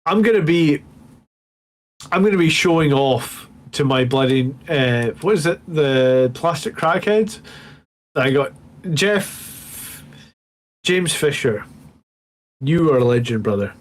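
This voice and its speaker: A man in his thirties chats loosely on a late-night hobby livestream, his voice sitting a little higher than most men's. He rambles, swears freely and thanks his viewers while working through a beer and a whiskey. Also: animated, measured pace.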